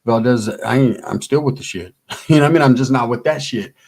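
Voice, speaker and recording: A man's voice: mid-range voice, a little fast, a little mellow, slightly rough. A middle-aged man co-hosting a casual livestream, reading out chat messages and talking in streetwise slang. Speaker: livestream co-host.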